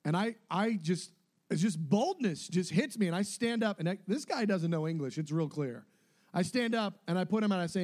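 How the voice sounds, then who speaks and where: With a high voice at a normal speed, a young man casually tells a story about a mission trip. He brings it to life by performing what others said in different voices.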